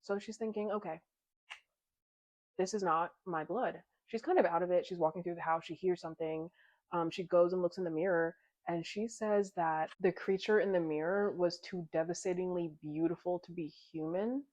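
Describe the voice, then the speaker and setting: A woman's voice: lowish voice, steady tone, a little fast, darkish tone. Chatty young woman recapping a book, swearing freely. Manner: chatty, swears freely, voices characters dramatically. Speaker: book reviewer. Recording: dull lo-fi sound.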